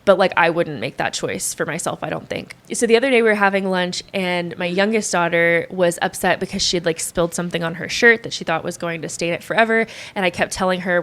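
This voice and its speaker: A woman's voice: on the low side, a little fast, few pauses. A woman in her thirties talks as a podcast guest. She tells her story casually and with energy. She often acts out what others said to her. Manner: animated, quotes others often.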